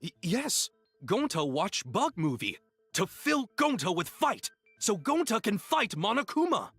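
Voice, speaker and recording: An actor voicing a big, gentle, simple-minded man who speaks broken English and calls himself by his own name, heard from game audio with faint music. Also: high voice, very animated, unhurried, breathy edge, no echo, full character voice. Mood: earnest.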